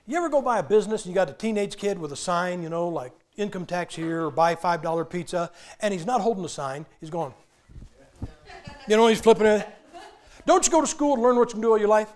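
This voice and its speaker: A man's voice: high voice, animated, fast talker, a little mellow. An older man preaching a humorous sermon in a church, folksy and joking as he acts out old movie scenes.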